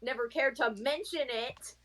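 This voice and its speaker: A woman's voice: high-pitched, normal speed, very noisy. A woman playing a tabletop game on stream, catching the others up with playful indignation. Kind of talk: casual livestream chat.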